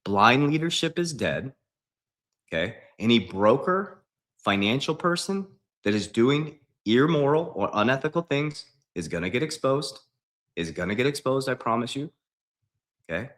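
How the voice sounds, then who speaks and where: A man's voice: medium pitch, a bit bright. A man as a financial coach on a livestream, emphatic and preachy, repeating his points. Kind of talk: livestream talk.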